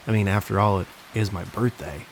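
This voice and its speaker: A man's voice: lowish voice, a little fast, slight background noise, lightly acted. A man voicing a nervous seven-year-old boy who stammers and hesitates.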